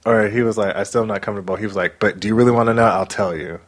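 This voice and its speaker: Speaking rapid-fire at a fairly low pitch, this podcast co-host gives a casual rundown of a reality show. His recap is lively, and he performs the quotes himself.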